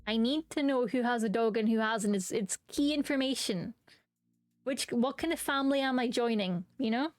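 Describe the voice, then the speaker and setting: A woman's voice: on the high side, normal speed, no echo. A woman streaming a dating game, reading its lines aloud with playful comments and silly voices.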